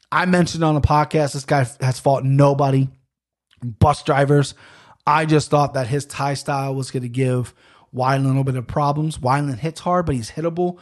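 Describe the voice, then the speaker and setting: Podcast host, man, loose rambling delivery, a touch higher-pitched than most. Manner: rambling, chatty, frequent fillers and restarts. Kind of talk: casual solo podcast talk.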